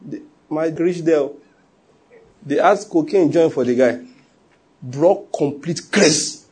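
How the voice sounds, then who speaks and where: A man preaching a sermon in an animated way, full of laughing asides and acted-out quotes. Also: fairly high pitch, slow pace, slightly rough.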